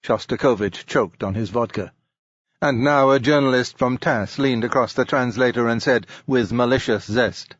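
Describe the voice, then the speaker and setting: A man's voice: mid-range voice, moderate pace, dry recording, dull audio. A man reading literary fiction as an audiobook narrator, lifting his voice for the quoted characters. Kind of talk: scripted narration.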